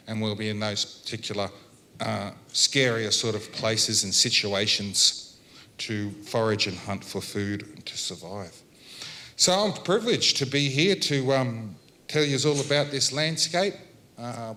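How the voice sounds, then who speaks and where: An Australian man giving a Welcome to Country at a health symposium, talking in a relaxed, chatty way with jokes and laughs between points. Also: on the low side, slight background noise. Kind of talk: relaxed public address with storytelling.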